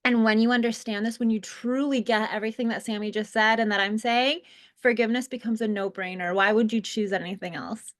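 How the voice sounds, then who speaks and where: A woman's voice: on the high side, fairly even intonation, brisk. A woman co-hosting a spiritual lesson, talking earnestly in a casual way with fillers and restarts. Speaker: co-host teaching a spiritual lesson. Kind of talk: casual spoken teaching.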